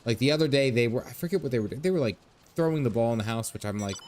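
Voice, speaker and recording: A man's voice: medium pitch, animated, rapid-fire, a little mellow, a little hiss or hum. A man in his thirties streaming a game, chatting casually with lots of laughs, dad jokes and game lines read aloud. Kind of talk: casual gameplay commentary.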